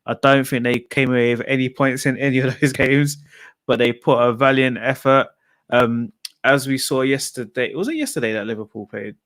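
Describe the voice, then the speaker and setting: A chatty man hosts a relaxed football chat. He talks at a middle pitch, often laughs, and runs through viewers' predictions. His voice sounds dry and close, with no room echo. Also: normal speed. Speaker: football podcast host.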